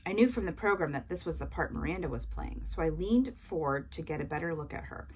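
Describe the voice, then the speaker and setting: Woman reading a children's novel, lively. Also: sits low, fairly quick, slight background noise, rough recording. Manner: lively first-person narration as a young boy. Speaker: audiobook reader.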